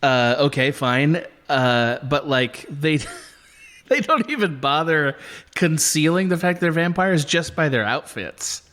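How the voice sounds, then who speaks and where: A man's voice: fairly high pitch, lively intonation, slow, a bit bright. A man co-hosting a podcast in casual chat, hesitant and laughing often as he talks. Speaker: podcast co-host.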